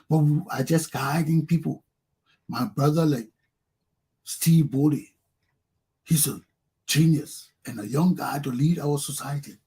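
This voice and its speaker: A Liberian man with a Liberian English accent, hosting a talk show as an impassioned monologue that swings from low intensity to loud urging. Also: unhurried, breathy edge. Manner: preachy and fiery, swings from low intensity to shouting.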